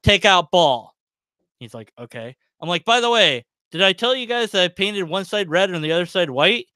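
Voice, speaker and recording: A man's voice: high-pitched, expressive, a little fast, bright, forceful tone, dry recording. A man telling a long, rambling story on his livestream, chuckling as he goes, full of fillers. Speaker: livestream host. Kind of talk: casual storytelling.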